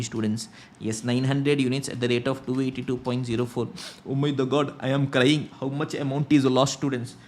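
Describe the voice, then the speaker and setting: A man's voice: medium pitch, a little hiss or hum. A young man with an Indian English accent teaching a lecture, firing rhetorical questions at his students. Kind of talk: classroom lecture.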